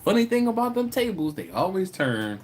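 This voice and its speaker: On his barbecue channel's live stream, a man talks casually with viewers, shares stories, laughs a lot, and imitates the people he quotes. His voice is high with big pitch swings at a moderate pace, and there's slight background noise.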